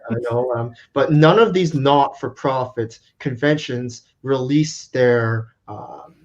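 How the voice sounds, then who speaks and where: A man lays out his opinion step by step in a relaxed chat. His pace is steady. The recording is dull and lo-fi. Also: medium pitch, slow pace. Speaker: co-host. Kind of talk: casual podcast chat. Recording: dull lo-fi mic.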